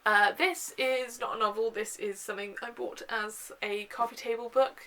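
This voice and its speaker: A woman's voice: a little high, fairly even intonation, moderate pace, bright, forceful tone, rough recording. A young woman chatting casually in a home video, gushing about books with lots of ums and uhs. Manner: chatty and gushing, with frequent fillers. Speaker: book vlogger. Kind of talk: casual book haul chat.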